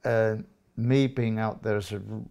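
A man's voice: lowish voice, steady tone, unhurried, gravelly, dark tone, smooth. A man in his fifties from England, a guest in an interview, chatting casually and acting out little dialogues with many restarts.

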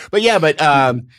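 A middle-aged man from Illinois, hosting a podcast and telling rambling, animated stories in casual conversation. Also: on the high side, no room sound, clean studio sound. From Illinois, United States. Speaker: podcast host.

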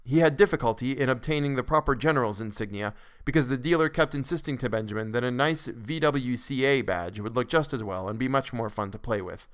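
Podcast guy reading an old story, measured, smooth clear voice, mid pitch. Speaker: podcast narrator. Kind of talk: scripted narration of a classic story.

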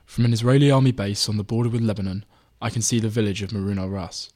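A man reading his own magazine article aloud in measured, even scripted narration. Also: fairly low pitch.

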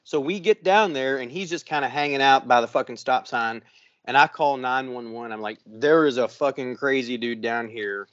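A man's voice: medium pitch, moderate pace, dry recording. A man telling a story in a casual podcast chat, swearing constantly and acting out what others said. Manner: profane, animated storyteller acting out quotes. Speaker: podcast co-host. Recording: muffled lo-fi dry sound.

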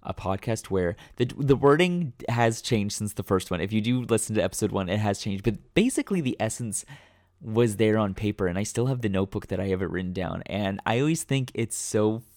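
A man's voice: fairly low pitch, expressive, fairly quick, a little mellow, no room sound, clean studio sound. A man hosting his own podcast, talking casually off the cuff with many fillers and restarts. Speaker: podcast host. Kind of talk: casual solo podcast talk. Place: home room.

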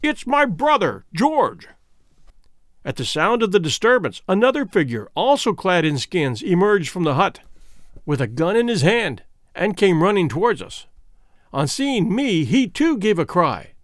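Brief: male audiobook reader, high animated voice, measured storytelling, dry booth sound. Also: no room sound. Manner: measured first-person storytelling. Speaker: audiobook narrator. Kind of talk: scripted narration.

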